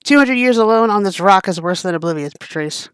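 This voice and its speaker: A guilt-ridden young witch from a video game, earnest and defensive, as read by a streamer in a near-natural voice. The tone is smooth and clear, with a dry close sound. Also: medium pitch, animated, fairly quick, a bit bright, no room sound, natural voice.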